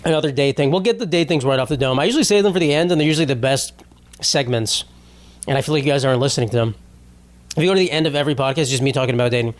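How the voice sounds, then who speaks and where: A man's voice: medium pitch, rapid-fire. A young man hosting his own podcast, ranting in an exasperated, rambling way, swearing often and restarting his sentences. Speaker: podcast host. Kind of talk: unscripted comedic solo podcast rant.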